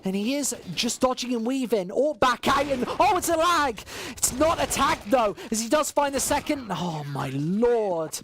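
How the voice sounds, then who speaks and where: An esports caster calls the match live in quick play-by-play, voice jumping up at the big moments. Middling pitch, with a faint hiss sitting under the commentary. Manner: bursts of excitement over big plays, joking with chat.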